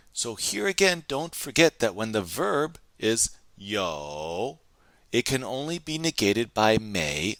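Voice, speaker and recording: A man teaching a recorded language lesson, slowly and clearly modeling phrases and repeating them for students to practice. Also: lowish voice, big pitch swings, fairly bright tone, no room sound.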